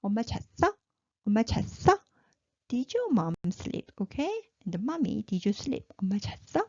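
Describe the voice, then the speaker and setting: A woman leads a patient pronunciation drill, repeating each syllable three times and cheering her learners on. Her pitch swings widely, and her voice is warm and mellow. It is a dry, close recording with a slightly dull, lo-fi sound. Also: big pitch swings, rapid-fire, breathy edge, no room sound. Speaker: Korean language teacher. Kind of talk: slow, drilled pronunciation lesson.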